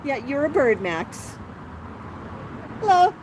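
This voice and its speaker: A woman hosting a live stream from her patio, gently soothing her pet bird as if talking to a small child. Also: sits high, very animated, takes it slowly. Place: outdoor patio by a street. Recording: outdoor street traffic noise.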